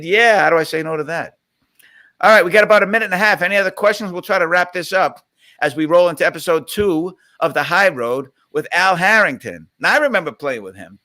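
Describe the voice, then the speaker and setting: A man's voice: a little high, bright, forceful tone. A middle-aged man from Boston hosting a casual live Q&A stream on a webcam, reading out viewer questions and rambling into stories. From Boston, USA.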